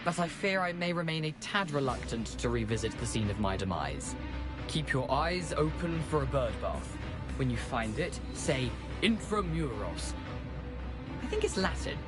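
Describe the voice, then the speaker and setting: A man's voice: medium pitch, sing-song, moderate pace, close to an everyday voice. An actor voicing a wry, self-mocking male ghost of a former student in a video game. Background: game music.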